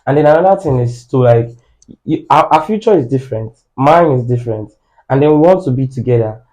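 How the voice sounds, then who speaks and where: A man's voice: medium pitch, lively intonation, brisk, darkish tone, rough recording. A man explaining his view step by step in a casual podcast chat.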